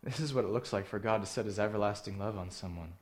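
A man preaching a sermon, earnest and direct, asking the listeners questions and swinging between emphatic lines and hushed ones. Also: fairly low pitch, fast talker. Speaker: pastor.

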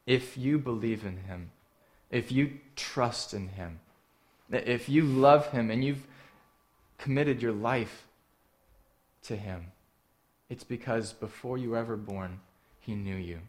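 A man preaching a sermon, earnest and direct, asking the listeners questions and swinging between emphatic lines and hushed ones. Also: mid-range voice, slow pace. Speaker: pastor.

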